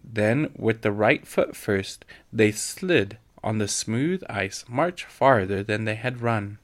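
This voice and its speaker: Man reading a storybook, low voice. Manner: measured, steady narration. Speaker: reader. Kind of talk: storybook read-aloud.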